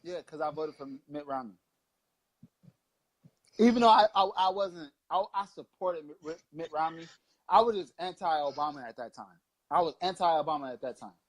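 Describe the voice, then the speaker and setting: On a casual political chat show, a man in his thirties from Long Beach, California acts as co-host, sermonizing in a heated, profane, rambling manner. He talks at a moderate pace in a voice on the high side.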